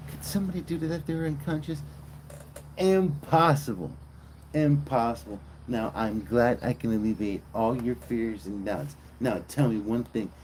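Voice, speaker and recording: A man's voice: mid-range voice, moderate pace, hardly any pauses, dark tone, a little hiss or hum. A man streaming live, rambling and joking in casual chat and swearing freely.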